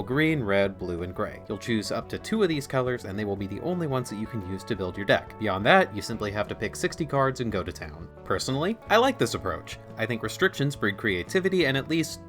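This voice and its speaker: A young man narrates a scripted comedic review, his tone dry and sarcastic. His voice sits low but swings widely up and down, keeping the delivery animated. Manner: sarcastic, irreverent. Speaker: video essay host.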